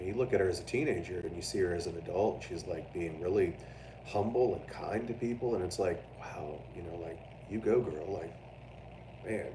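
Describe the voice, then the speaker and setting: A man hosting a casual livestream, chatting with viewers in a loud, profane, animated way and mocking people in put-on voices. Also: deep voice, echoey room, recorded from a distance, noisy background. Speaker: livestream host. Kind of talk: casual livestream chat reading viewer comments.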